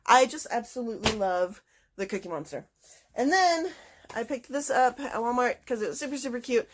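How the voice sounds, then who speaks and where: A woman with a fairly high voice talks through her latest book haul in a relaxed, chatty way. She gets eager and bubbly over each find and scatters small fillers through her sentences. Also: normal speed. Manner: chatty and excitable, with many fillers like "like". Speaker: book vlogger. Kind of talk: casual book haul chat.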